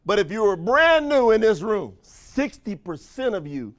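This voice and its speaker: A man giving an energetic motivational speech to a live audience, throwing call-and-response questions to the crowd in folksy, slangy language. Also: sits high, measured pace. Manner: folksy, slangy phrasing with frequent laughs. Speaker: motivational trainer for a sales company.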